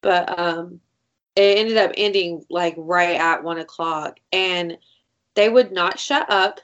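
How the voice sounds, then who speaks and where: A woman co-hosting a casual chat, telling stories in an animated way, acting out quotes and swearing freely. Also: lowish voice, takes it slowly, muffled recording.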